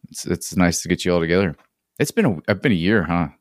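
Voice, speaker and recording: A man hosting a relaxed podcast chat, easygoing and often repeating his first words. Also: deep voice, fast talker, dry recording, clean studio sound. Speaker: podcast host.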